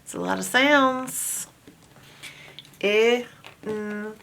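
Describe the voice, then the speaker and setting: A woman teaching a phonics lesson, slowly sounding out words and letters, with patient praise. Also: medium pitch, heavy background noise.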